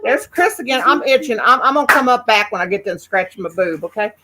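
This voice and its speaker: A woman's voice: on the high side, lively intonation, quick pace, pushed and bright. A woman, hosting a casual live-stream chat in a folksy, teasing way. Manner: folksy, teasing, calls people honey and shug. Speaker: host.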